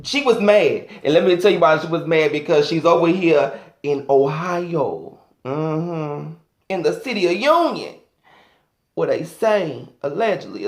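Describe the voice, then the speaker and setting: A man's voice: fairly high pitch, roomy sound. A man doing a sassy, flamboyant, profane comic rant as a vlogger.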